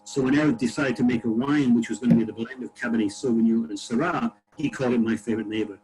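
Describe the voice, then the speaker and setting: A man's voice: medium pitch, fairly even intonation, fast, darkish tone, a little hiss or hum, poor audio. A man on a casual video call, telling a winery story from outdoors in a vineyard with plenty of fillers and restarts. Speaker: winery panelist. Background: tractor passing.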